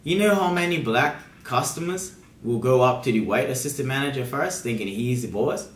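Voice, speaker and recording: A man's voice: mid-range voice, normal speed, slight background noise. Emphatic man, roomy sound. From Bermuda. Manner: emphatic, repeats words when pressing a point. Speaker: co-host. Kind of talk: casual political discussion. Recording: roomy, from a distance from the mic.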